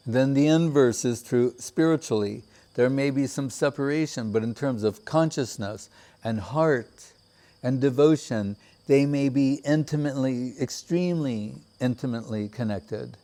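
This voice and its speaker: A man giving a measured, reflective devotional talk with many pauses. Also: medium pitch, dark tone. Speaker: spiritual teacher. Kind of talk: devotional discourse.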